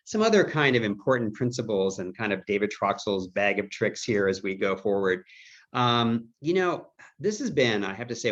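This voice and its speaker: A middle-aged man giving a dementia care training webinar in a conversational, anecdotal way, often acting out quoted dialogue. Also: lowish voice. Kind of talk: webinar presentation. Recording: slightly dull webinar audio.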